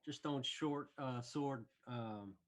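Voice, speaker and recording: A man running a tabletop game as game master over a voice call, unhurried and easygoing. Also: mid-range voice. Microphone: online voice call.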